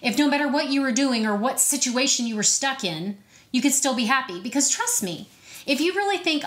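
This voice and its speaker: A woman's voice: high voice, expressive, brisk, fairly bright tone. A woman in her thirties hosting a casual motivational talk to camera, chatty and upbeat, acting out inner voices playfully. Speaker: host of a self-help video series.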